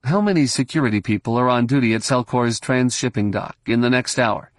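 A man voicing a calm middle-aged leader in a science fiction audiobook, steady and measured. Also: medium pitch, no echo, studio quality, close to an everyday voice.

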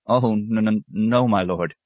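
A man's voice: lowish voice, normal speed, no room sound, lo-fi sound, voice pushed up, close to an everyday voice. A man voicing a timid seventeen-year-old novice monk who stammers and gasps his replies. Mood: nervous. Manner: stammering, breathless.

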